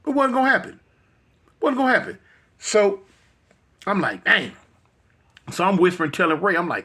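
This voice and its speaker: Husky high-voiced Los man. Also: very animated, normal speed, pauses often, pushed and bright. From Los Angeles. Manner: vivid retelling that acts out the voices of others; repetitive, with frequent restarts and slang. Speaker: guest. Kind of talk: animated storytelling in an interview.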